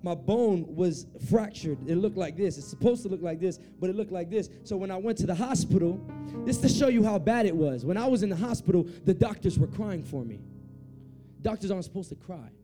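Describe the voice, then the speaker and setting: A man preaching and telling his testimony as a story, dropping to a hush and then rising loud and animated. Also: sits high, fairly quick, soft background music. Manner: swings from hushed to loud and animated. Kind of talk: sermon storytelling.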